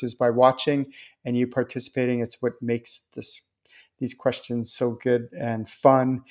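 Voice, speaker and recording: Guy doing a live stream, chatty and reassuring, middle pitched voice, acts out quotes all excited. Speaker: host and spiritual channeler. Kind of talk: live-stream talk answering viewer questions.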